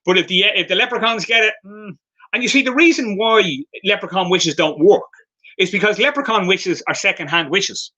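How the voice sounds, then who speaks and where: In lo-fi sound, a brisk Irish craft vendor with a high, pushed, bright voice demonstrates his handmade work live. He tells chatty, light-hearted stories sprinkled with many fillers.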